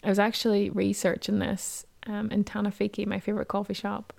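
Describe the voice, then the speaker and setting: A woman with a Northern Irish accent co-hosting a casual podcast, telling stories in a lively way. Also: medium pitch, brisk, gravelly. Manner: storytelling, animated. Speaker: podcast co-host.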